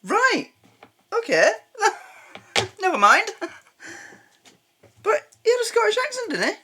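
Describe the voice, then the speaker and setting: An English man hosting a reaction video, talking casually and excitably as he thinks out loud. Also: extremely high pitch, noisy background. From England. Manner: excitable, thinks aloud, quick laughs.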